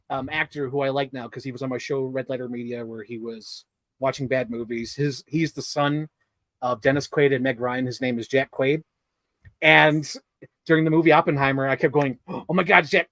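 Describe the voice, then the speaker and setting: A man with a slightly high voice chats about films on a podcast, animated and quick to laugh, and he slips into little impressions of movie lines. The sound is close and dry, with no room around it. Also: no room sound. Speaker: podcast co-host. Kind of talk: casual film discussion.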